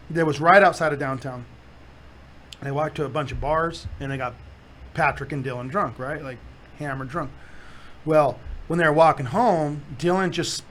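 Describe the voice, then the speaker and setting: This podcast host has a fairly high-pitched voice, with slight background noise in the clip. He tells stories in casual chat, animated and laughing often as he acts out quotes.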